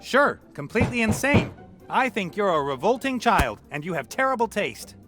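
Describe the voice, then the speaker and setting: Sly, teasing young adventurer. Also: male voice, high voice, very animated, normal speed. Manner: teasing, mock-gallant. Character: sly young male adventurer posing as a hatter. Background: game music.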